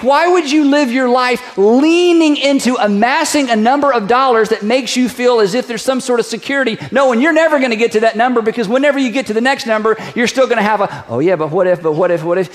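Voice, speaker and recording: High-voiced pastor preaching a playful sermon. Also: male voice, fast talker, few pauses. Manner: conversational, joking, piles up rhetorical questions; leads the congregation in a spoken declaration.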